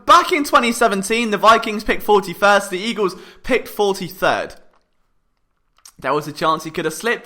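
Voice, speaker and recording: A young British man hosts a sports podcast with a high, sharp, bright voice. He talks in a jokey, animated way and pokes fun at himself as he goes. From Britain. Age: young adult. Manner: jokey, animated, self-mocking. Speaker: podcast host.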